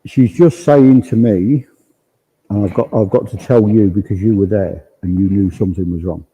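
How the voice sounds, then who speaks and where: A man's voice: lowish voice, normal speed, dark tone, breathy edge, rough recording. A man working as a spiritualist medium, relaying spirit messages to the congregation in quoted speech during a service. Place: village hall.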